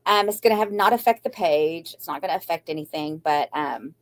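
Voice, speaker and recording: This older woman, host of a craft channel, has a voice that sits low, with lively intonation and a brisk pace. In an emotional live chat with viewers she rambles anxiously, shifts to a defiant upbeat tone, and sounds shaky and close to crying.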